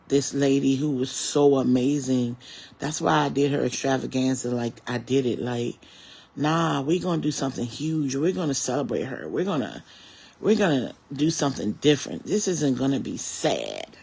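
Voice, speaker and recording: A man in his forties with a husky, gravelly voice delivers a personal monologue to his viewers. He is earnest and reflective, speaking with steady faith rather than performing jokes. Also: mid-range voice, moderate pace. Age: 40s. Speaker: comedian.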